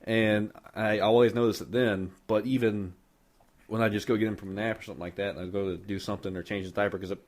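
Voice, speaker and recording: A man's voice: fairly low pitch, steady tone, fast. A man co-hosting a podcast who tells a rambling personal ghost story in casual, profanity-heavy chat. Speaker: podcast co-host; father of a toddler.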